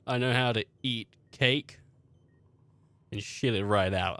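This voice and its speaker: A man's voice: mid-range voice, drawn-out words, pauses often, a bit bright, no room sound. A young man streaming a game, ranting in profane, rambling comic bits and acting out everyday characters. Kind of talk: casual gameplay commentary.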